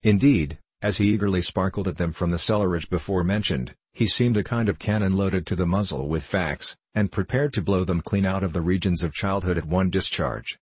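A man narrating an audiobook of a classic novel in a measured, deliberate way. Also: deep voice, a little mellow, breathy edge, no echo.

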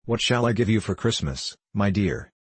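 Anxious old lady, soft-hearted, pleading, deep husky tone, read by a man. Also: animated, normal speed, no echo. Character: nervous, kindly old aunt, a wealthy lady. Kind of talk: audiobook character voicing.

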